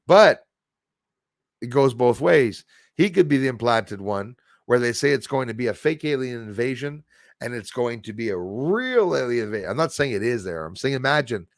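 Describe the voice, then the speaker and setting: A man's voice: mid-range voice, normal speed, no room sound, clean studio sound. Rambling man on a livestream. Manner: rambling, animated, many restarts and tag "eh?". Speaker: livestream host. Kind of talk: rambling livestream chat reading viewer comments.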